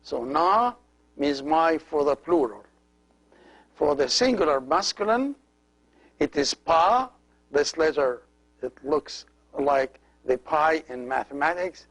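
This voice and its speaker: A middle-aged man, a priest, giving a slow step-by-step language lesson, patiently explaining each letter as he writes it. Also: a little high, animated, a bit bright, low-quality recording.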